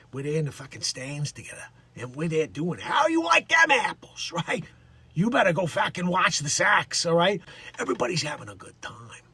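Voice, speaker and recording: High-voiced rambling man host. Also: a bit bright. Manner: rambling, jokey, laughs at his own bits, puts on voices. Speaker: livestream host. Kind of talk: casual live-stream commentary.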